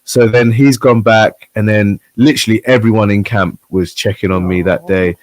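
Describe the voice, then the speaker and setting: A man's voice: lowish voice, fairly even intonation, normal speed. A man, a guest on a chat show, telling a story animatedly and acting out the voices of the people in it. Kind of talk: casual chat.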